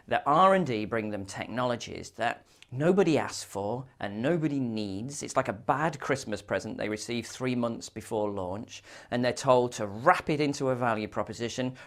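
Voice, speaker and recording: A man speaking as an innovation speaker, giving a humorous talk in a lively storytelling manner. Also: mid-range voice, creaky. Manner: lively storytelling, acts out voices in his anecdotes.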